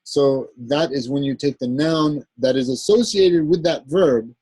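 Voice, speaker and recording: A man's voice: mid-range voice, mellow, breathy edge, no echo, poor audio. A man teaching an Arabic grammar class, explaining patiently and often checking in with "right?" as he goes. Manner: halting, with fillers and self-corrections. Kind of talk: classroom lecture.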